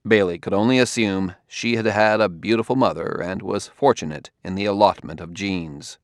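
A man narrating an audiobook in a measured, even way. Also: lowish voice, dry recording, studio quality. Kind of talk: scripted narration.

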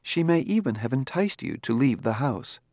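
Cast a male actor as an unflappable robot detective, formal and measured, mid-pitched, dry close sound. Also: sing-song, darkish tone, dry recording. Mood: calm. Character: calm, precise male humanoid robot detective. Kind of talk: audiobook character reading.

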